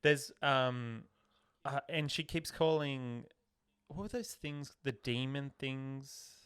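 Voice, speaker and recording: A man's voice: mid-range voice, slow pace, a bit bright, clear, resonant tone. A young man co-hosting a podcast, chatting casually and joking, often laughing and slipping into silly voices. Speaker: podcast co-host. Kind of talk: casual chat.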